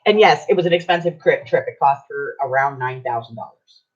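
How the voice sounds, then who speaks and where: An older woman casually telling a long anecdote on a talk show, chatty and lively, slipping into other people's voices as she quotes them. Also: rumbling low, brisk, lo-fi sound. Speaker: podcast co-host. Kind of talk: casual storytelling.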